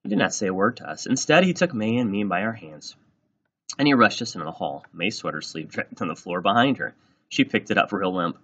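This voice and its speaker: A man with a low, husky voice reads a children's storybook aloud, swooping lively through every line. His tone is bright and forward. The recording sounds dull and lo-fi. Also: fairly quick. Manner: animated, plays out every line. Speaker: reader. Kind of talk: children's book read-aloud.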